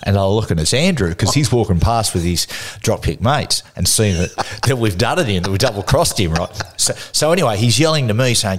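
A middle-aged Australian man, a guest in a casual interview, telling lively anecdotes and laughing through them. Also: fairly low pitch, a little fast, hardly any pauses. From Newcastle, Australia.

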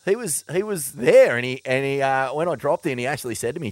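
A man's voice: mid-range voice, animated, a little fast, hardly any pauses, no echo. A young Australian man co-hosting a casual chat, swearing freely and laughing at himself. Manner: sweary, self-mocking, laughing. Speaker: co-host.

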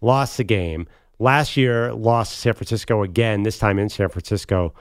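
A man co-hosting a sports talk radio show, animated and quick to argue a point. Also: lowish voice, dry recording, clean studio sound.

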